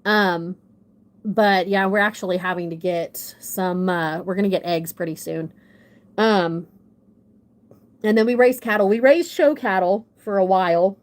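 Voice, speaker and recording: A woman's voice: mid-range voice, measured pace. A young adult woman telling a rambling, self-deprecating story in casual chat on a livestream, with a runny nose. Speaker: livestream guest.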